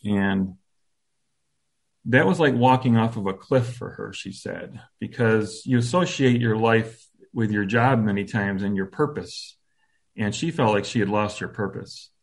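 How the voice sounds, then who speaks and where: As an interview guest, a man in his fifties shares a personal story in a reflective, halting way, softened by gentle self-deprecating humor. His voice sits on the low side with vocal fry.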